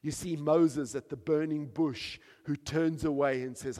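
A man preaching a sermon with emphatic delivery, rising to loud peaks and dropping to soft, quiet passages. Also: a little high, steady tone, a little slow. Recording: long hall reverb.

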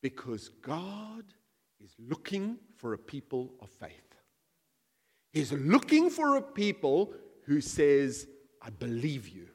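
A man preaching a sermon to his church, animated and humorous, acting out imagined voices and asides. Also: on the high side, takes it slowly, breathy edge, big-room sound. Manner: animated, acts out quoted voices, jokes with the congregation. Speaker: pastor.

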